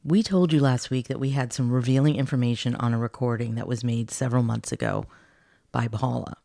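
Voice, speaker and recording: A man hosting a podcast, reading scripted narration and clarifying points in a measured way. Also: mid-range voice, fairly even intonation, gravelly, warm tone, no room sound, clean studio sound. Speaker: podcast host.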